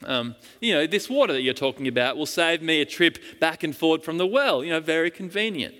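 A man's voice: a little high, lively intonation, brisk, fairly bright tone. A preacher voicing a puzzled, sassy Samaritan woman who fires back incredulous questions. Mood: offhand. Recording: long hall reverb.

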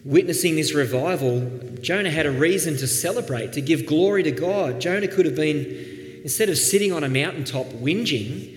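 A man preaching a sermon as pastor, earnest, dropping soft and then rising with emphasis. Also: on the high side, lively intonation, moderate pace. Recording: echoey hall, faint background noise.

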